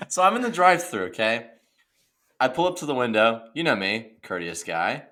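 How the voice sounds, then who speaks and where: A man's voice: mid-range voice, pushed and bright. A man co-hosting a podcast, telling rambling funny stories in casual chat. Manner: joking, rambling storyteller. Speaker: podcast co-host.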